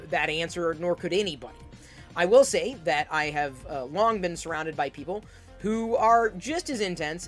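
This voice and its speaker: A woman giving an intense, emphatic advice monologue, often repeating words as she starts a sentence. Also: fairly low pitch. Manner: loud and projecting.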